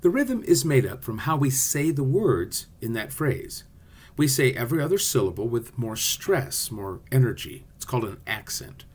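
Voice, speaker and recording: A man's voice: mid-range voice, normal speed, slightly rough. A man teaching a class video, explaining poetic rhythm in a playful way and sounding out beats. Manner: lively, playful teaching voice with sung-out rhythm syllables.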